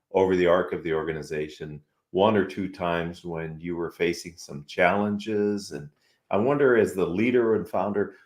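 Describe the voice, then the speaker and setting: A man hosting a business talk show, asking his guest questions in a measured way. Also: on the low side, reverberant. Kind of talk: interview conversation.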